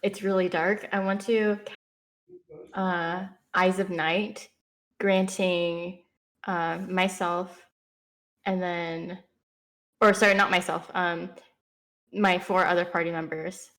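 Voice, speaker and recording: A woman's voice: fairly low pitch, level tone, slow pace, pauses often, a bit bright, rough recording. A woman plays a tabletop role-playing game with friends. She is playful, laughs easily, and stumbles through her turns with fillers. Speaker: player.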